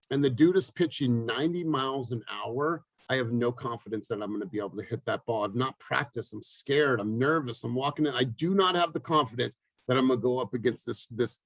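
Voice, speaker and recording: A man coaching his team in a motivational talk, energetic and emphatic, repeating phrases for effect. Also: mid-range voice, brisk, no echo, low-quality recording. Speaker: real estate team coach.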